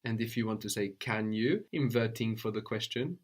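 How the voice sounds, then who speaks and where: A man teaching a language lesson, patient and probing, often checking with a quick "no?". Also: lowish voice. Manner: patient, prompts with questions, tag "no?".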